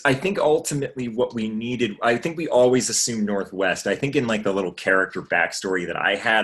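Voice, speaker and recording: A man's voice: lowish voice, a bit bright. A man from Maine, a guest actor chatting casually in a livestream Q&A, rambling with fillers and swearing freely. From Maine, USA.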